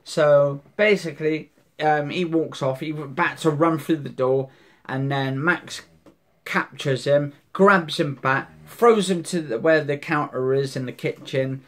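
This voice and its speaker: A man recaps a TV episode in loose, rambling speech. His voice sits a little high. He circles back on his words and drops the odd swear word. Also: a little slow. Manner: rambling, repeats himself, swears casually. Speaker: vlogger recapping a soap episode. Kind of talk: casual spoken recap.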